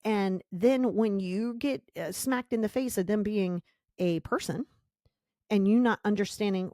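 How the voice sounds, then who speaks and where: A podcast host speaks in a mellow, medium-pitched voice with lively intonation at a moderate pace, recorded at studio quality with no room sound. Her motivational monologue is blunt and emphatic, and she keeps repeating her key points.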